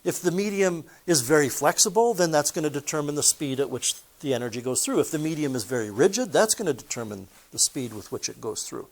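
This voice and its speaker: Chatty male physics teacher, higher voice. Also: sing-song, fairly quick, hardly any pauses. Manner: chatty, asks the audience questions, tells personal stories. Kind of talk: recorded classroom lesson.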